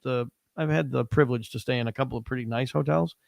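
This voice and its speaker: A man's voice: mid-range voice, fast, gravelly, dry recording. A man co-hosting a podcast, chatting casually and rambling with lots of restarts. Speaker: podcast co-host. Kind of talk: casual chat.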